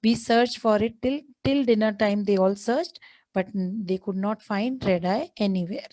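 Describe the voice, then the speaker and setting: A woman's voice: medium pitch, moderate pace, a little mellow, dry recording, low-quality recording. A woman teacher, reading a children's story aloud, retelling it in simple words and explaining word meanings to her class. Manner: asks the class questions as she goes. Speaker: English teacher.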